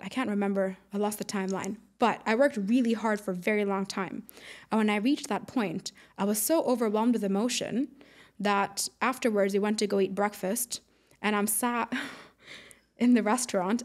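A woman in her late twenties or thirties, a podcast guest chatting casually, upbeat and quick to laugh, acting out what people said. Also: medium pitch. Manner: upbeat, laughs often, acts out quotes. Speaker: podcast guest, air traffic controller. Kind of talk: casual interview chat.

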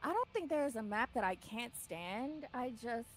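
A woman chatting casually while gaming with friends, relaxed and quick to laugh. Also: fairly high pitch. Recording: loud background noise.

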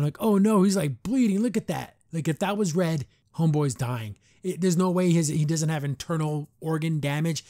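A man hosting a podcast, casually rambling through an animated episode recap and paraphrasing the characters as he goes. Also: mid-range voice. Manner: rambling, animated retelling with quick paraphrased quotes. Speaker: podcast host.

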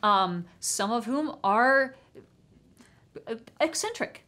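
Wry woman telling a story, high voice. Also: slow. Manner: wry, animated storyteller who laughs mid-sentence. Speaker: panel guest. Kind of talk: casual conversation, storytelling.

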